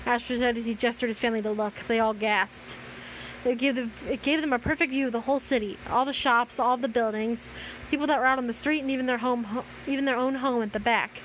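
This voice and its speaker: A woman's voice: on the high side, steady tone, fast talker, a bit bright, a little hiss or hum, rough recording. Young woman reading with sarcastic asides. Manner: sarcastic asides, stumbling and self-correcting. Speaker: host reading fan fiction. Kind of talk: reading fan fiction aloud with commentary.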